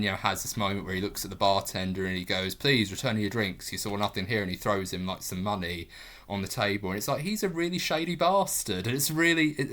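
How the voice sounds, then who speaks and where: Guy rambling about a movie, low voice but kinda bright and forceful, lots of ums. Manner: enthusiastic, rambling, many fillers. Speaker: film reviewer. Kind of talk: casual spoken film review.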